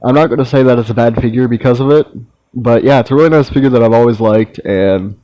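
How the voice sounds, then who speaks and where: A young man talks through his collection in a laid-back, wandering way, often stopping to say um and restart his thought. His voice is warm and mellow. The sound is dry and close, though the recording is a bit dull and lo-fi. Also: medium pitch, fast talker, no room sound. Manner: relaxed, meandering, with frequent ums and restarts. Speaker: toy collector vlogger. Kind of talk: casual ranking review.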